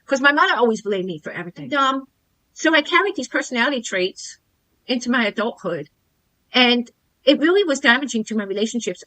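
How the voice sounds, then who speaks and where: A middle-aged woman with a somewhat high, bright and forceful voice recounts her past in a personal testimonial to camera. She is earnest and comes back again and again to the things that bothered her, stressing each grievance. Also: rough recording. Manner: earnest, repeats herself, emphatic on grievances. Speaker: former coaching client telling her experience.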